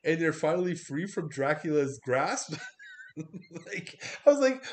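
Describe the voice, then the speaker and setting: A man's voice: fairly high pitch, a little fast. A man reviewing a movie on a casual livestream, rambling and swearing as he laughs through his reactions. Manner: rambling, profane, animated, laughing.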